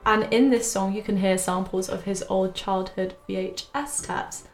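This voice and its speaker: A woman's voice: mid-range voice, steady tone, moderate pace, reverberant, faint music behind. A young woman hosting a casual radio show in a chatty way, correcting herself as she goes.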